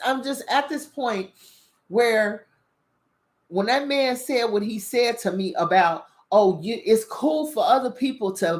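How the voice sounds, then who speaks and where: Heated, profane woman ranting. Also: medium pitch. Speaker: channel host. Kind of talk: casual spiritual commentary monologue.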